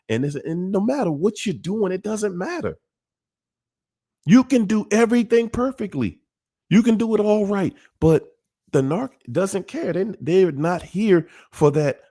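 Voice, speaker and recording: A man's voice: high voice, lively intonation, a little slow, mellow. A man hosting a livestream, talking to viewers in a repetitive, emphatic, preachy way. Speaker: livestream host. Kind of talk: casual livestream talk.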